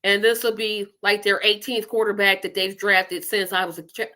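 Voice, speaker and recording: A middle-aged woman hosting a live online talk show, giving casual, opinionated commentary with emphatic, animated delivery and talking straight to her viewers. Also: mid-range voice, normal speed, few pauses.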